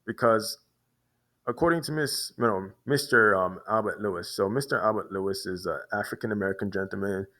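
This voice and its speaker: A man's voice: on the low side, fairly quick, pushed and bright. Rambling New man telling a story. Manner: rambling, many restarts and repeated words. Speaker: vlogger. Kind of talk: casual storytelling monologue.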